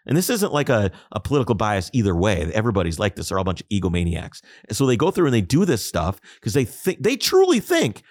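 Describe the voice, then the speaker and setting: A man's voice: lowish voice, fast talker, hardly any pauses, dry recording, studio quality. A man co-hosting a podcast, talking in an emphatic, opinionated way. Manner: animated, emphatic, ranting. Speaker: podcast co-host. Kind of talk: casual opinionated chat.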